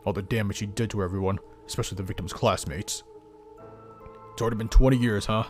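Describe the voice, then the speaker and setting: A man's voice: fairly low pitch, fairly even intonation, fast, darkish tone, soft background music, lightly acted. A man playing a weary, stern police boss of about sixty in a game, grumbling and dismissive. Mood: gruff.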